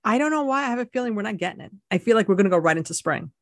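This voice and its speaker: A woman co-hosts a podcast, chatty and upbeat as she talks through her prepared notes. Her voice sits at a middling pitch. The sound is close and dry, with no room in it. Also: lively intonation, very fast, dry recording. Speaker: podcast co-host. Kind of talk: casual chat.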